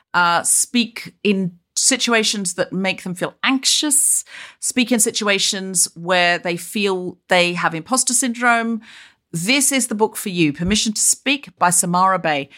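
A middle-aged woman hosts a podcast over a remote link. She talks briskly, keeps the chat moving and steers it toward a close. Her pitch sits in the middle of the female range. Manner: brisk, warmly wraps up, plugs the guest's book. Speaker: podcast host.

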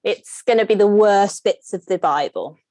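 A woman quoting a panicked man from a disaster film, in an urgent, loud movie-character delivery. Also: mid-range voice, lively intonation, moderate pace, no room sound, close to an everyday voice. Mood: alarmed.

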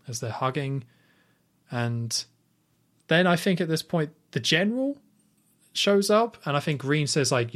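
A man chatting casually as a podcast host, walking through a film scene by scene. He rambles, restarts his sentences and leans on "like". His voice sits at a middle pitch for a man. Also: moderate pace, a bit bright. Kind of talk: casual film recap chat.

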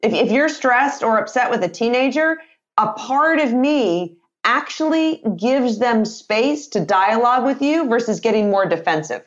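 Casting: woman in her 50s, energetic interview guest, muffled lo-fi audio. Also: a little high, a little slow. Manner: energetic, expressive, acts out example dialogue. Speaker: author and sales trainer.

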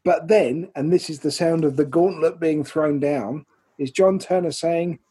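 English guy on a podcast reading out listener messages, kinda high voice, soft and husky. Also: measured pace. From England. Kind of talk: casual chat.

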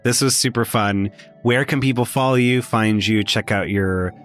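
A man's voice: on the low side, normal speed, faint music behind. A man hosting a podcast, chatting loosely with lots of fillers. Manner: loose, filler-heavy, animated. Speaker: podcast host. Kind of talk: casual chat.

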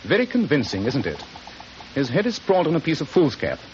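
An actor playing a shrewd, coolly sardonic male detective in a 1940s radio drama, speaking crisply. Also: a little high, huge pitch swings, a little fast. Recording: dull old radio recording with hiss.

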